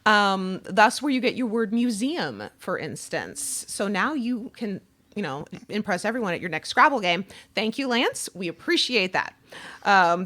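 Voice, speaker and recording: A woman's voice: medium pitch, a bit bright. A woman hosting a podcast in casual chat, chatty and laughing often. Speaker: podcast host.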